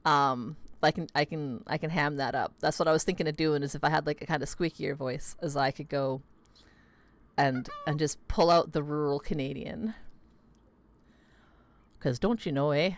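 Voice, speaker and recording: A woman's voice: sits low, fairly even intonation, moderate pace, dry recording. A woman streaming a game, chatting casually and rambling with lots of fillers and laughter. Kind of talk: casual gaming livestream chat. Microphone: close desk mic.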